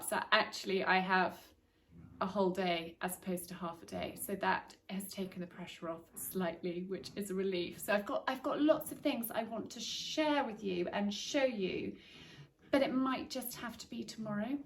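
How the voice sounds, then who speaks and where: A middle-aged woman talks to her camera at home in a rambling, chatty way, often restarting her sentences. Her voice sits at an ordinary middle pitch and comes from a little way off the mic, with faint household noise behind her. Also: fairly bright tone, far from the mic. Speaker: vlogger. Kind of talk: casual chat to camera. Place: home indoors.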